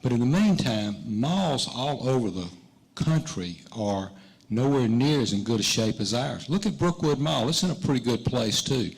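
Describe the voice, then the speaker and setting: A man's voice: mid-range voice, lively intonation, moderate pace, gravelly, breathy edge, rough recording. A man, a sitting mayor answering confidently and rebutting his opponent at a candidate forum. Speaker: mayor running for reelection.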